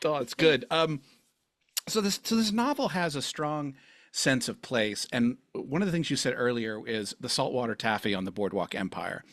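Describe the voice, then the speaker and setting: A man's voice: mid-range voice, lively intonation, moderate pace, fairly bright tone, dry recording, clean studio sound. A man hosting a podcast interview, rambling and effusive in his praise. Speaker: podcast host. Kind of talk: casual interview chat.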